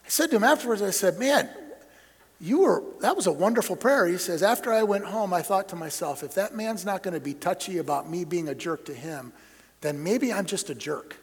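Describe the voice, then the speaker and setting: A middle-aged man preaching to a room of pastors in a high, light voice. He tells stories, swinging from emphatic, near-shouted points to hushed asides, and his words ring out with a long hall reverb. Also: expressive, fairly quick, husky. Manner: storytelling, emphatic then dropping to soft asides. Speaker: denominational superintendent preaching to pastors. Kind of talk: sermon.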